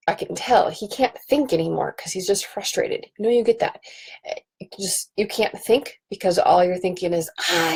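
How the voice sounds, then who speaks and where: A woman in her thirties hosts a casual live stream from her home office, talking into a computer webcam. Her voice is on the low side, husky and a little mellow, with vocal fry, and she rambles with ums and restarts.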